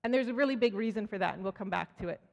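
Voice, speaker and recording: A Canadian woman with a darkish, mid-range voice and vocal fry talks very fast while giving a conversational sermon in a church sanctuary. She tells stories, acts out quoted voices, and restarts often, with the long reverb of the church hall around her.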